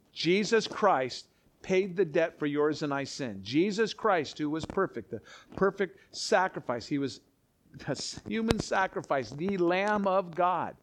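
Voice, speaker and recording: Animated preaching man, a bit high. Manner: animated, conversational preaching with asides and repetitions. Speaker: pastor. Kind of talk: sermon.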